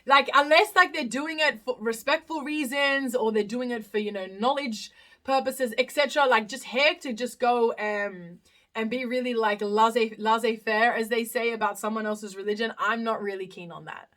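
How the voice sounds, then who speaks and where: Chatty young aussie-born woman on a phone livestream, kinda high and really bright, giggly, lots of ums. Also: normal speed. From Australia. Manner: chatty, giggly, many fillers and restarts. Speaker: host of a live Q&A stream. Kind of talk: casual live-stream chat answering comments. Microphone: phone live stream.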